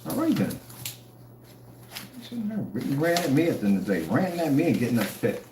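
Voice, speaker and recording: Man, taunting, mocking, lively swooping voice, echoey room. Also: fairly high pitch, fast. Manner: mocking, taunting, dramatic swings in tone. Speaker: online product seller. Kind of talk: taunting rant to camera. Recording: echoey room, faint noise.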